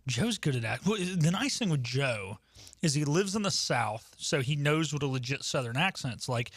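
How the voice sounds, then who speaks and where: A man's voice: on the high side, animated, moderate pace, slightly rough, no echo. Chatty young male sports radio host. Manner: chatty, with frequent ums and uhs. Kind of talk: casual sports talk radio.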